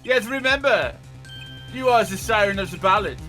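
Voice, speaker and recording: A man's voice: high voice, lively intonation, normal speed, pushed and bright, faint music behind. A man voicing a suave, smug young prosecutor in a jokey fake German accent for a fan game dub. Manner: mock German accent, smooth and theatrical. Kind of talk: casual fan voice-over of a game.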